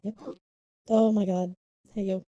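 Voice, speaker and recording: A woman's voice: medium pitch, level tone, unhurried, warm tone, dry recording, lo-fi sound. A young woman streaming live, chatting casually and apologizing for her hiccups on a close desk microphone. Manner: chatty, apologetic, laughing, humming to herself.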